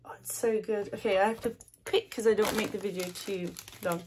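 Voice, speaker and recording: A woman's voice: medium pitch, fairly even intonation, a little fast, noisy background. A woman chatting casually at home as she tastes snacks, bubbly and giggly, gushing and often laughing, not on her usual ASMR mic. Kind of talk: casual chat tasting snacks. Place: her new house, indoors.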